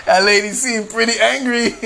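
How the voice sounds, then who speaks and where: A man's voice: extremely high pitch, fairly even intonation, normal speed, gravelly, pushed and bright. A man hosting a casual solo podcast, rambling and laughing often, full of slang and profanity. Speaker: podcast host. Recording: faint background noise.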